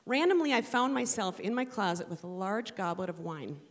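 A woman's voice: medium pitch, expressive, moderate pace. A middle-aged woman and mother telling a humorous personal story to an audience, with a playful, punchy delivery.

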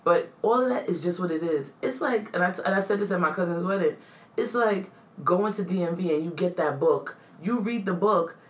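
A woman, chatting casually as a podcast co-host and telling animated stories with acted-out quotes. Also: on the low side, a little fast, echoey room, far from the mic. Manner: animated storyteller, acts out quotes, bursts into laughter. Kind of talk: casual chat.

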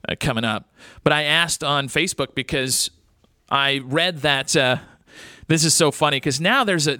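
A man hosts a radio show from a studio, chatting in a loose, rambling way. He jokes along and stops often with "uh" and "you know." His voice is bright, smooth, fairly high and dry, close on a studio microphone. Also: no room sound. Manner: rambling, joking, chatty with many fillers. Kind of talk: casual radio talk.

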